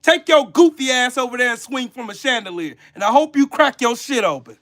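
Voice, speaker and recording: A man's voice: very high-pitched, animated, fairly quick, a bit bright. A man hosting a livestream, ranting with heated profanity and scolding people in his chat. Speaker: channel host. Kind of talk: livestream commentary rant.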